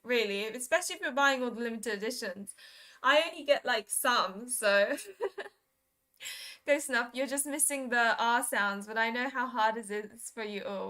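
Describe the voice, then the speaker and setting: A woman's voice: fairly high pitch, sharp tone. A young woman chatting casually on a live stream, giggling often as she reads and answers viewers' messages. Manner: giggly, reads and answers chat, plays with pronunciations.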